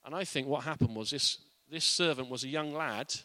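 A man's voice: mid-range voice, brisk, bright, forceful tone, no echo. A man giving an informal, earnest Bible teaching in a conversational way.

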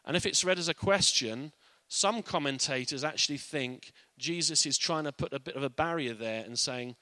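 Earnest man with a bright voice. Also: on the high side, normal speed, dry recording. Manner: earnest and conversational. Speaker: Bible teacher. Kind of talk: informal Bible teaching.

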